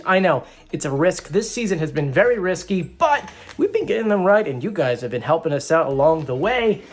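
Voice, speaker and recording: A man hosting a casual video, chatting excitedly and a little boastfully to his viewers. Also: high-pitched. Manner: excitable and animated, playfully boastful. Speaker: video host breaking down a TV singing show. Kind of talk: casual chatty commentary to camera.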